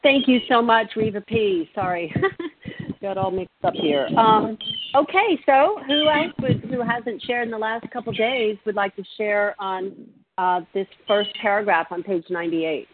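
A woman's voice: mid-range voice, a little slow. A woman chairing an online recovery meeting in a friendly, apologetic, slightly flustered way. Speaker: meeting leader. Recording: tinny phone line with faint noise.

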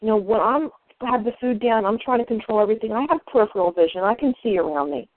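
A woman speaks candidly about her own struggles, sharing her story with a recovery group. Her voice sits a bit high. The sound is dry, close and thin, like a phone call. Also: fast talker, dry recording. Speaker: meeting member sharing. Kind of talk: personal sharing at a recovery meeting. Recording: phone-line audio.

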